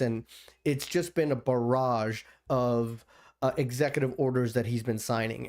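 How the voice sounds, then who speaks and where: A man's voice: medium pitch, darkish tone. A man hosting his own livestream, talking casually and loosely with many restarts and fillers. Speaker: livestream host. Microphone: computer streaming setup.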